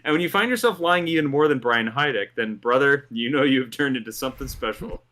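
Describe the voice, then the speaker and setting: A man's voice: medium pitch, expressive, fast talker, a bit bright. A man hosting a commentary show, reading a script in an amused tone and laughing through his lines. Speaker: host.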